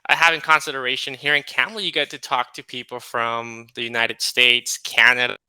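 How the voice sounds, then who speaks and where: Male tutor, casual video-call chat, hesitant, smooth bright tone, dry close sound. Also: mid-range voice, level tone, fairly quick, no echo. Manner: hesitant, with many fillers. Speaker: English conversation tutor.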